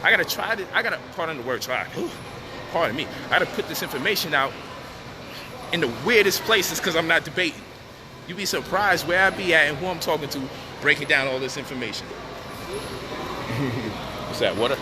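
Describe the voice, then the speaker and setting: A man's voice: fairly high pitch, expressive, fairly quick, pauses often. A man boasting and talking casually with streetwise slang, addressing viewers about debating and teaching. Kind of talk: boastful casual talk to camera. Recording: noisy street ambience.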